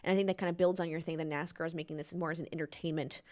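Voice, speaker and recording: A quick-talking American woman hosting a podcast, with a fairly low voice. She chats casually and reads viewer comments aloud. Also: fairly even intonation, darkish tone. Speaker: podcast host. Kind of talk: casual chat.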